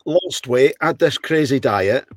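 A man hosts a relaxed interview, talking slowly and searching for his words, restarting his questions as he goes. His voice sits mid-range and sounds close and dry. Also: medium pitch, dry recording. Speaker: podcast host. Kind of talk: casual interview.

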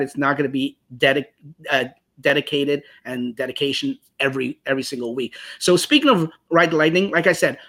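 A man's voice: a little high, a bit bright. A man casually introducing his first podcast, chatty and loose, correcting himself as he goes. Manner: chatty, self-correcting, laughs easily. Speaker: podcast host.

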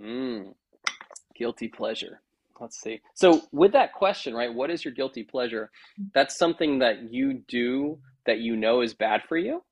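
Animated middle-aged man telling stories. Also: medium pitch, unhurried, husky. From Boston area, USA. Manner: animated storyteller, many restarts, acts out quotes. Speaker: podcast guest, culture trainer. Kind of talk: conversational interview.

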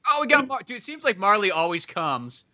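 A man's voice: fairly quick, crowd noise. A young man co-hosting a podcast, telling a story in casual chat and acting out the people in it with raised voices. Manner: animated, acts out people in his stories with high voices. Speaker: podcast co-host.

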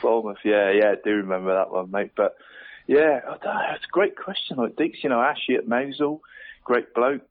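A man's voice: medium pitch, steady tone, fairly quick, narrow, tinny audio. A man co-hosting a podcast in casual chat, matey and laughing often. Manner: matey, laughs often, says mate constantly. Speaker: podcast co-host.

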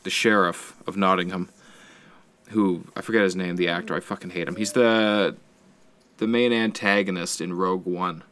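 Man, lowish voice, loose profane storyteller, casual chat. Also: moderate pace, smooth. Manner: rambling, profane, animated storytelling with sound effects.

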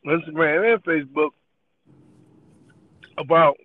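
A man with a high voice tells a rambling story in casual chat, laughing as he goes. His loose, easy delivery comes through a tinny, phone-like line. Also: slow pace, no echo. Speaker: podcast co-host.

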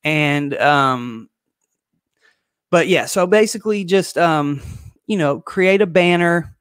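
A man coaching on online business in a casual livestream, excited and quick, with lots of fillers and restarts. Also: fairly high pitch, clean tone, no room sound, studio quality. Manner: excited, fast talker who skips points; filler-heavy, loose and conversational.

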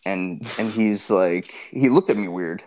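Rambling, low-voiced young man. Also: measured pace, a little mellow. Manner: rambling, filler-heavy, profane. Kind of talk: casual storytelling chat.

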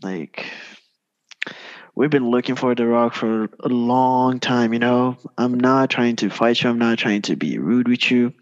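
A man's voice: mid-range voice, unhurried, highs cut off, lightly acted. A man playing an old adventurer in a tabletop game, speaking in a coaxing, conciliatory way. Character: old male adventurer, placating.

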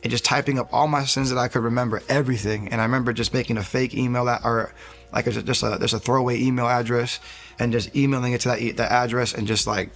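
With faint music in the background, a medium-pitched man speaks fast in a steady, slightly bright tone. He's an interview guest in his thirties giving a sincere, wandering faith testimony, acting out his own past quotes.

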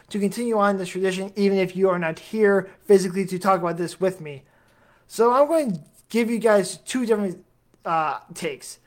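Chatty man hosting a solo podcast. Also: high-pitched. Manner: rambling, jokey, self-deprecating asides; chatty, addresses listeners directly. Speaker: podcast host.

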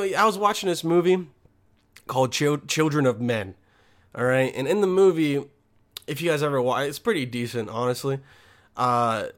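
A young man riffs through a casual comic monologue, swearing freely and drifting from one tangent to the next. His voice sits at an ordinary middle pitch. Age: young adult. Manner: profane, joking, rambling. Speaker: student.

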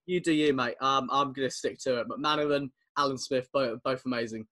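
A young English man co-hosting a casual football podcast over a video call, chatty and quick to laugh. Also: mid-range voice, fairly even intonation, bright, forceful tone. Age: young adult. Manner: chatty, laughs often, teasing. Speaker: podcast co-host.

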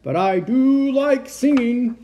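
A man voicing a jolly, noisy old Santa Claus who booms and bounces through his lines in a bedtime storybook reading. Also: lively intonation, slow, exaggerated voice. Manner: booming, bouncy and loud.

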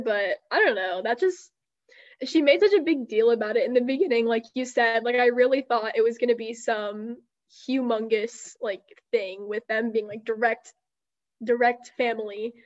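Woman, young adult, casual chat, fillers, lo-fi recording. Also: on the high side. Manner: chatty, heavy use of "like". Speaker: book club member. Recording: dull lo-fi sound.

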